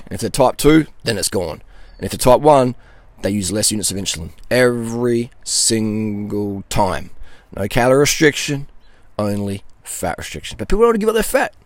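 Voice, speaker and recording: A man's voice: mid-range voice, no echo. A middle-aged man, a nutrition coach, answering viewer questions in a blunt, ranting monologue and laughing between points.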